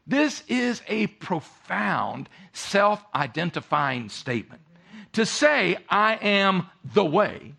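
Animated older man preaching, gravelly. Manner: emphatic preaching, swinging between loud peaks and quiet low drops. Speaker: pastor. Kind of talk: sermon.

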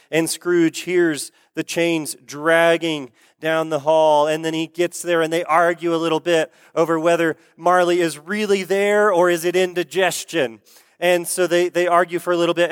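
A man's voice: fairly high pitch, clean tone, no echo, clean studio sound. A man preaching a sermon in a conversational, storytelling way, asking the listeners questions.

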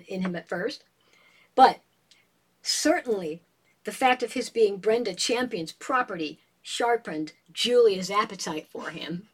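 A woman in a casual book discussion, retelling a novel as an animated storyteller and reading passages aloud. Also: medium pitch.

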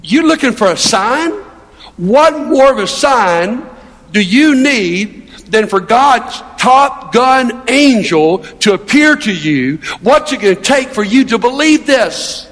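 A man's voice: very high voice, animated, takes it slowly, fairly bright tone, exaggerated voice. A man voicing a confident male angel messenger who challenges a doubter with rhetorical questions. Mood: challenging. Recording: long hall reverb.

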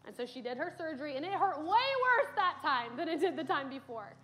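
A woman's voice: sits high, big pitch swings, fairly quick, a bit bright. A young woman preaching a sermon in a church, telling stories earnestly with casual fillers. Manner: earnest storytelling with conversational fillers. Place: church sanctuary.

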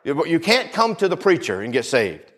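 Male preacher, mid-high voice that swings widely, fervent sermon delivery with amen call-outs. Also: very animated, normal speed, fairly bright tone.

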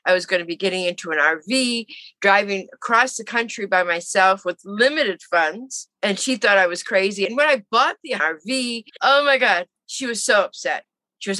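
Lively older woman telling her story. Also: medium pitch, normal speed, dry recording. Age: 70s. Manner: animated, acts out quoted voices. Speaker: interview guest. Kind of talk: casual storytelling.

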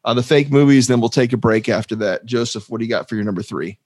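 A man hosting a casual movie podcast, talking in an animated way with many restarts and frequent laughs. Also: medium pitch, fast, no echo. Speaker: podcast host. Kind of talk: casual movie-discussion chat.

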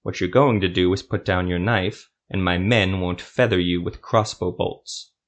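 A man voicing a calm, composed male rebel priest leader who speaks in measured tones. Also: sits low, lightly acted.

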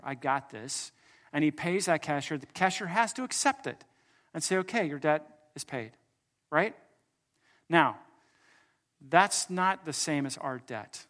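A man preaching a sermon as pastor, telling a story, swinging from loud emphatic lines to soft hushed ones and joking with his congregation. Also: a little high. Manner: jokes with the congregation.

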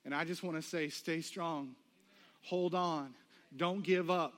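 A man's voice: on the high side, fairly even intonation, measured pace, fairly bright tone. A man preaching a sermon, telling a personal story and acting out the voices of the people in it. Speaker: pastor.

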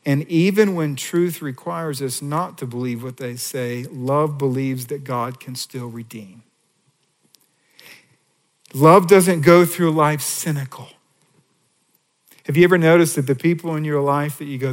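Pastor preaching, man with a slightly high voice, chatty and lively delivery, long church-hall reverb. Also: measured pace. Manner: conversational, animated preaching with rhetorical questions. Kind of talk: sermon. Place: church sanctuary with seating.

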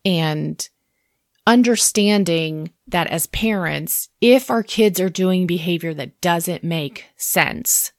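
A woman in her thirties speaks in a lowish voice. She talks candidly and reflectively in a relaxed podcast conversation and laughs easily. The sound is close and dry. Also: takes it slowly, no room sound. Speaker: parent and therapist guest.

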